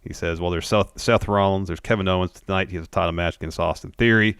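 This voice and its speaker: A man's voice: low-pitched, steady tone, quick pace, fairly bright tone, clear, resonant tone, no echo, studio quality. A man co-hosting a podcast, recapping wrestling in laid-back casual chat and reading out quotes. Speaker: podcast co-host.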